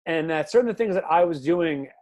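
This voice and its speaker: Man in his 30s, podcast host, slightly high voice, loose rambling chat, filler-heavy. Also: animated, normal speed, darkish tone. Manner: loose, rambling, says "like" and "you know" often. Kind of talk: casual chat.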